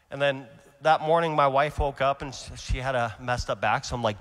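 A young adult man preaching his testimony at a conference, earnest and animated, swinging between loud and hushed delivery. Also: medium pitch, a little fast, hardly any pauses. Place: large conference hall. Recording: long hall reverb.

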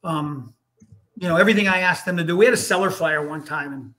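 A man's voice: on the high side, fast, sharp tone. A man, a retired fire lieutenant telling rambling stories on a podcast and peppering them with "you know.". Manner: rambling, repeats words, frequent "you know". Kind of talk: casual storytelling chat.

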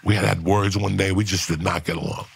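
A man's voice: low voice, fairly even intonation, quick pace, vocal fry, breathy edge. A middle-aged man telling a profane prison story on a podcast, acting out quotes as he goes. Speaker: podcast guest.

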